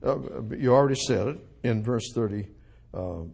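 A man preaching an expository sermon, emphatic, repeating phrases and swinging from loud declarations to quiet asides. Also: medium pitch, normal speed, creaky, husky.

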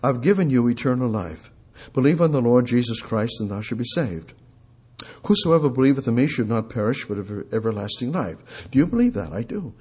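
A man preaching a sermon, fervent and repetitive, swinging between loud outbursts and hushed prayer. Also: mid-range voice, very animated, normal speed, husky.

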